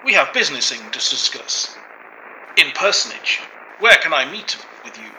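A man's voice: fairly high pitch, sing-song, moderate pace, pushed and bright, a little hiss or hum, full character voice, poor audio. A man voicing an odd male alien caller who talks in stilted, formal, broken phrases.

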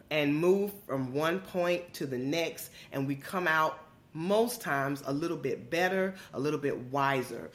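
A woman's voice: low-pitched, a bit bright. A woman from Georgia hosting a podcast, talking to listeners in an emphatic, casual way and calling them "y'all". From Georgia, USA. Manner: calls listeners "y'all", drawn-out emphatic delivery. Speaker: podcast host.

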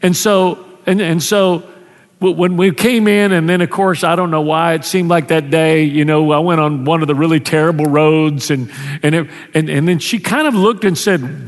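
A man's voice: fairly high pitch, moderate pace, big-room sound. A male pastor, preaching a sermon in a conversational way, often restarting his sentences. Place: church sanctuary.

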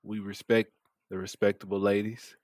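Male podcast co-host, easygoing banter, low voice, dry sound. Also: little pitch movement, darkish tone, no room sound. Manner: laid-back, joking, quick laughs. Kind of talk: casual podcast chat.

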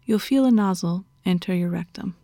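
A woman's voice: fairly low pitch, moderate pace, dark tone, no echo, studio quality, close to an everyday voice. A woman doing a bossy dominant female doctor, whispered role-play. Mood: commanding. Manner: bossy, scolding, half-whispered. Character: stern dominant female doctor, mocking and commanding.

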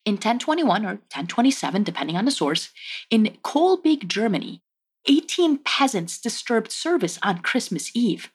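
A woman's voice: fairly high pitch, big pitch swings, moderate pace, breathy edge. A woman hosting a casual history podcast, telling the story with wry, joking asides. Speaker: podcast host.

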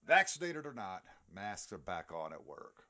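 A man's voice: low-pitched, wildly swooping pitch, normal speed, sharp tone. A middle-aged man with a New York accent, co-hosting a podcast in a heated, profane casual rant. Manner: heated, profane ranting with frequent swearing. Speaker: podcast co-host. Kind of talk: casual chat.

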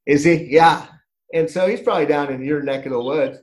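A man's voice: fairly high pitch, fairly quick, a little mellow, poor audio. A middle-aged man hosting a podcast, telling a story in a loose, rambling way with many restarts. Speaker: podcast host. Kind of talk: casual podcast conversation.

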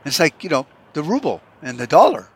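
A man's voice: on the high side, sing-song, a little fast, husky. Sarcastic profane podcast man ranting. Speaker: podcast host. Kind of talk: profane monologue rant.

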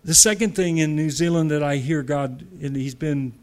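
Guy preaching a sermon, voice a bit on the high side, keeps repeating words for punch. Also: moderate pace, darkish tone. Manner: repetitive, emphatic, laughs between points.

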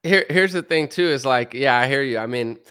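Joking, animated man hosting a podcast. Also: mid-range voice, fairly quick, clean tone. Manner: joking, animated, sarcastic asides. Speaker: podcast host. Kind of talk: casual political chat.

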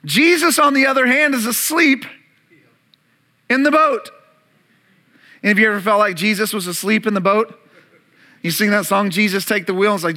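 A man preaching a sermon as pastor, animated, acting out voices to an audience in a church room. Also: high voice, normal speed, pauses often. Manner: animated preaching, acts out disciples' panic and Jesus' calm.

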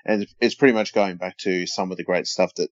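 Man, podcast co-host, laid-back and hesitant, lowish voice, dull lo-fi sound. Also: steady tone, a little fast, no echo. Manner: laid-back, hesitant, many ums and short agreements. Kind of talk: casual watch-along chat.

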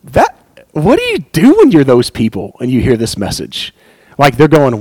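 A man giving an earnest, animated Bible teaching, reading scripture aloud and commenting on it, often with a light chuckle. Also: medium pitch, moderate pace, husky, no room sound, poor audio.

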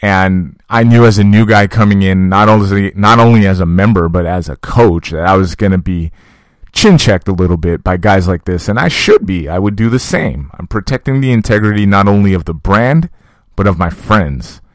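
A man's voice: low-pitched, normal speed, no echo. A man, a fight coach, telling a story in a casual, profane, conversational monologue aimed at his listeners. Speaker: podcast host and fight coach.

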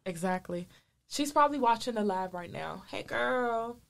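A woman's voice: medium pitch, expressive, fairly quick, vocal fry. A woman co-hosting a casual podcast chat, emphatic and opinionated, often leading in with "I will say". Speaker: podcast co-host.

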